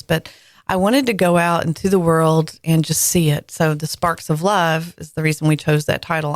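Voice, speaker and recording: A woman's voice: low-pitched, dry recording, clean studio sound. A woman in her forties hosting a podcast, chatting candidly and telling personal stories with frequent fillers. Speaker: podcast host. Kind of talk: casual conversation.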